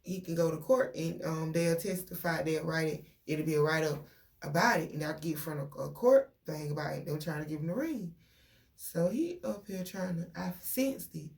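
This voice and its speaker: Young woman, gravelly, lowish voice, animated venting vlog. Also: moderate pace. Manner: animated, venting, quotes people in dialogue. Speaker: vlogger. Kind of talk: casual storytelling to viewers.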